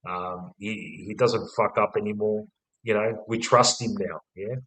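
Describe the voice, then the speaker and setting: Casual Aussie podcast co-host, young man, lowish voice, loose and profane. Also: fairly even intonation, unhurried, a bit bright, roomy sound, low-quality recording. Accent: Australian. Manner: swears constantly, laid-back, rambling. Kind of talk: casual footy chat.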